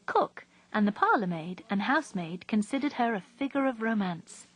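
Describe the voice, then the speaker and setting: A woman reading a story aloud in a steady, even narrating voice. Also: medium pitch, moderate pace, no echo, rough recording. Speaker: reader.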